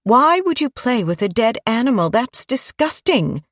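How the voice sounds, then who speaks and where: A woman voicing a stern, anxious mother with a sharp, scolding manner in an audiobook. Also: lowish voice, animated, moderate pace, dry recording, studio quality, close to an everyday voice. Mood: exasperated.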